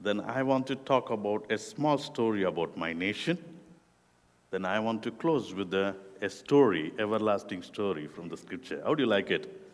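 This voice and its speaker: The voice is on the low side and animated, belonging to a middle-aged Indian guest preacher who directs a youth ministry. Slowly and deliberately, with non-native phrasing, he preaches to a youth group in a hall whose echoey church room leaves long reverb.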